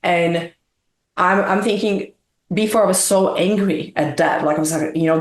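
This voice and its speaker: A woman's voice: fairly low pitch, fairly even intonation, normal speed. A woman guest in an interview, talking earnestly in long, winding explanations. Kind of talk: reflective interview talk. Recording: echoey room.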